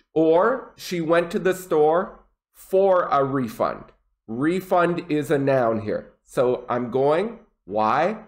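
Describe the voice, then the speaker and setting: A man teaching an English lesson, explaining common mistakes slowly and deliberately with example sentences. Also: a little high.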